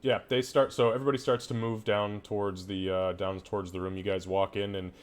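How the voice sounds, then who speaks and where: A man with a lowish voice narrates as game master for a tabletop game. He describes the scene at length, pausing on ums and restarts as he goes. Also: level tone, smooth. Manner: descriptive, hesitant with fillers.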